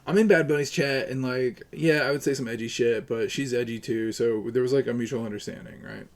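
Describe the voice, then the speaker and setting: A man's voice: mid-range voice, brisk. A man livestreaming, ranting to his chat in a profane, argumentative and sarcastic way. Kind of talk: casual live-stream rant to chat.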